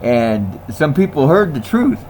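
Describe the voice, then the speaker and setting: A man rants to camera in a slow, drawn-out way, with a slightly high voice that rises and falls a lot. He repeats his points, laughs between lines and talks in slang. A faint hiss sits under the voice. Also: very animated, darkish tone. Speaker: vlogger. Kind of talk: casual ranting monologue.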